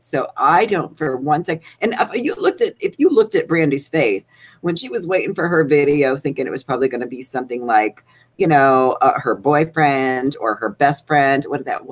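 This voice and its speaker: Low-voiced woman ranting gossip. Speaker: co-host. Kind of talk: casual chat. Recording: live online show.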